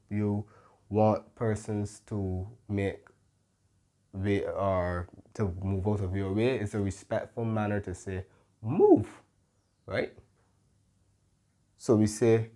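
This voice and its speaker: A man tutoring Spanish in English, unhurried and explanatory, often checking in with "right?" and "mm-hmm.". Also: fairly low pitch, dark tone.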